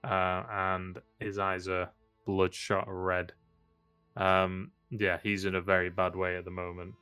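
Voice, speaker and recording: A man narrating a tabletop game, his voice sitting low. He is easygoing, with frequent "um"s and laughs. Quiet music plays underneath. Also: slow pace, smooth, no echo. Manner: relaxed, laughing, many fillers. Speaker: game master.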